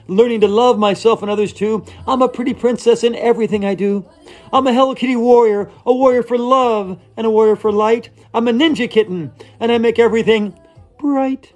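A man playing an over-earnest female yoga instructor who leads a comic yoga class, chanting in a breathy sing-song. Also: sits high, steady tone, a little fast, darkish tone, soft background music, lightly acted. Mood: dreamy.

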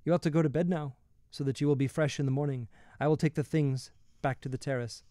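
A man's voice: on the high side, steady tone, fast, dark tone, no room sound, clean studio sound, lightly acted. A man reading the part of an earnest, admiring young fisher boy. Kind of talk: audiobook reading.

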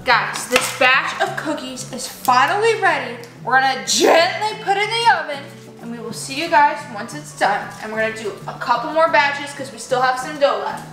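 A woman's voice: high-pitched, moderate pace, reverberant, music in the background. A young adult woman narrating a playful vlog, talking animatedly to her toy llamas and to viewers. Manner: animated, talks to toys and viewers. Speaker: vlogger playing with toy llamas.

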